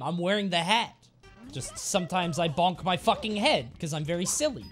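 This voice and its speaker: A male game streamer chatting live over his play in a mid-pitched voice, swearing and joking. His delivery is animated, rising and falling freely, with faint music underneath. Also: moderate pace. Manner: playful, sweary, jokey. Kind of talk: live gameplay commentary.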